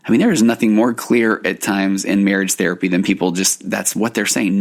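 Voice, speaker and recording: Male therapist-host, earnest teacher, slightly low voice with vocal fry. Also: a little fast. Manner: earnest, explanatory, often restarting phrases. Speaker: podcast host and marriage therapist. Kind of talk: solo podcast teaching.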